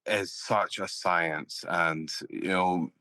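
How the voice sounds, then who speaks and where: A man's voice: low voice, fairly even intonation, slow pace, bright, forceful tone. A man hosting an interview, hesitant with many fillers and restarts. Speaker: interview host, filmmaker. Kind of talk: casual interview conversation.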